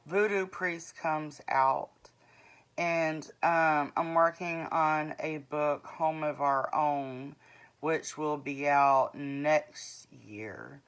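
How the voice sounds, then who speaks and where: A woman's voice: deep voice, steady tone, very slow, clean tone. A woman in her forties, an author giving a rambling, earnest vlog update about her books, full of ums and restarts. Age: 40s. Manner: earnest, plain-spoken.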